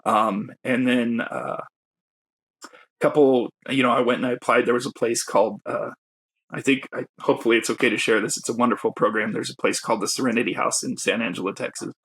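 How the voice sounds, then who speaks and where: Guy with a husky voice, telling his story, reflective and emotional, pitch right in the middle. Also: steady tone, fairly quick, fairly bright tone. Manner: reflective, openly emotional, laughs self-consciously. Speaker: guest, poet and educator. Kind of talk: candid personal storytelling.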